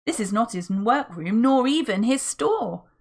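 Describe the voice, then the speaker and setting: A woman's voice: fairly high pitch, expressive, measured pace, voice pushed up. A woman reading the part of a sensible, cheerful older boy who speaks confidently and reasons things out. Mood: earnest.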